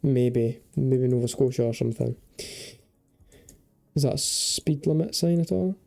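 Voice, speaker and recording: A man's voice: mid-range voice, measured pace, creaky, dark tone. A young man giving chatty, casual commentary while playing a geography game, thinking aloud and swearing and joking freely. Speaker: gaming video creator.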